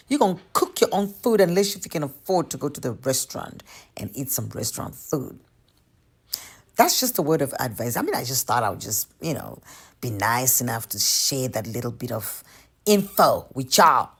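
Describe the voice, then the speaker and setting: A woman giving casual, sarcastic advice in a chatty rant with laughing asides. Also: low-pitched. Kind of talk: casual social media rant.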